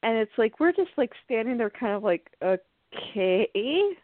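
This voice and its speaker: Slightly high-pitched and fairly quick, this woman podcast host shares an amusing story from her own life, laughing her way through it in a lively, relaxed manner. Her audio comes over a dry, tinny, phone-like line with no echo.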